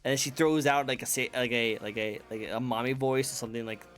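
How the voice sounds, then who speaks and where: A man's voice: medium pitch, fairly even intonation, fast, a bit bright. A man hosting a casual interview chat, rambling and laughing often. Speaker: interview show host. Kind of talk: casual chat over a call.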